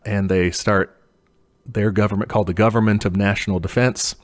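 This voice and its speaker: A young man co-hosting a podcast, telling history in a loose, profane way and putting on quick mock voices for the people in it. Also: on the low side, steady tone. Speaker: podcast co-host. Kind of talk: casual history chat.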